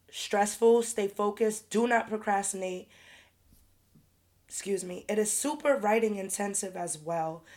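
A young woman in her twenties hosting her own podcast, talking candidly and chattily and swearing casually. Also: medium pitch. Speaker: podcast host. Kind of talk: casual solo podcast chat.

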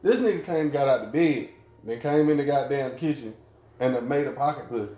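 A man co-hosting a podcast, telling crude stories and joking loudly in casual banter. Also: medium pitch, fairly quick. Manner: loud, joking, profane storyteller. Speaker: podcast co-host. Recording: roomy echo.

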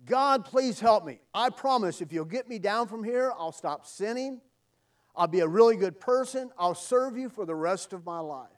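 Preacher acting out a high, frantic man calling for rescue, slightly distant mic. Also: lively intonation, normal speed. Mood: pleading. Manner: frantic yelling for help. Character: panicked man hanging from a cliff.

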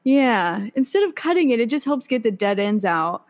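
A woman's voice: a little high, very animated, normal speed. A young woman chatting casually as a guest, laughing often as she tells her stories. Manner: giggly, laughs often while telling stories. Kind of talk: casual chat.

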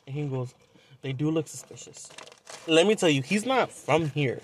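A man's voice: on the high side, lively intonation, normal speed, slight background noise. A young man from Southern California, telling a dating story on a podcast in a blunt, profane, casual way. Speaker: podcast host.

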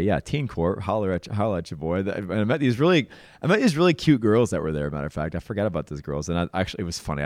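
Deep-voiced man telling a story casually. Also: smooth, no room sound, clean studio sound. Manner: laid-back, self-mocking, says "dude" a lot. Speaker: podcast host sharing his testimony.

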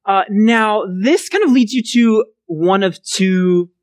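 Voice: medium pitch, slow, no echo. A pastor from Texas preaching a sermon in a chatty, conversational way, often checking in with the listeners by asking "right?". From Texas, USA.

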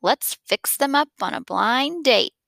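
A woman's voice: a little high, measured pace, creaky, no room sound, voice pushed up, heavily acted. A woman reading aloud, voicing a cheerful father who loves to joke and make his family laugh. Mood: joking. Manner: excited, jokey.

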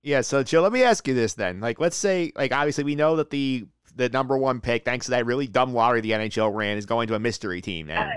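A man's voice: medium pitch, fast talker, few pauses, clean tone, no echo, clean studio sound. A man hosting a casual hockey chat, steering with questions and peppering his talk with "like". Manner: leads with questions, many "like" fillers. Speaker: podcast host.

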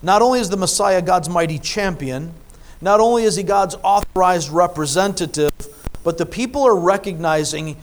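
A man preaching a sermon, reading scripture and explaining it, with emphatic swings between soft asides and loud stressed phrases. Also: high voice, moderate pace, soft background music. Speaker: pastor.

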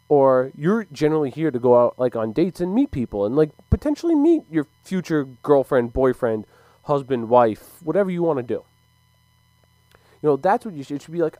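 A man's voice: a little high, big pitch swings, normal speed, warm tone, dry recording, low-quality recording. A young man ranting casually to camera, heated and profane, with frequent stumbles and restarts. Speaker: sports commentator.

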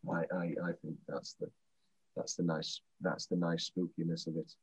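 A man's voice: sits low, level tone, moderate pace, husky, low-quality recording. A man hosting a podcast, chatting enthusiastically and laughing often. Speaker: podcast host. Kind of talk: casual chat.

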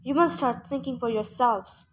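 A weary, irritable god of wine from a storybook gives curt orders, as a woman reads him aloud. He sounds commanding and short-tempered, in a voice pitched high. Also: moderate pace, a little hiss or hum, natural voice. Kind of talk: audiobook reading.

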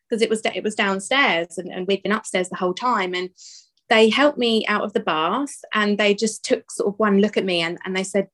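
A young adult woman telling her birth story as an interview guest, calm and reflective, laughing now and then and repeating words as she recalls events. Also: mid-range voice, fairly quick.

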